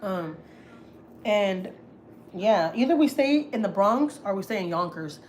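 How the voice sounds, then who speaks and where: A woman's voice: mid-range voice, expressive, measured pace, a little mellow. A woman on a casual gossip livestream, telling family stories candidly, swearing freely and acting out what others said. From United States. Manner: candid, storytelling, swears freely, acts out quotes. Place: home.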